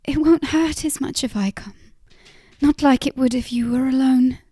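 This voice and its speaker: A woman in a whispered role-play, voicing an earnest, anxious young woman who speaks in a rushed, pleading way. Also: high-pitched, mellow, breathy edge, no echo, studio quality, voice pushed up.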